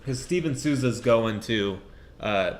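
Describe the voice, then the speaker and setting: A young man co-hosting a podcast, chatting casually about sports in a quick, excitable way that often trails off mid-sentence. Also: mid-range voice. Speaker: podcast co-host.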